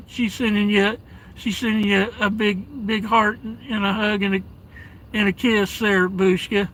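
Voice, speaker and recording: A man live streaming from his vehicle in a snowstorm, reading chat aloud and calling viewers darling and brother, with halting restarts. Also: high-pitched, steady tone, a bit bright, slight background noise, low-quality recording. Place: inside a parked vehicle at home during a blizzard.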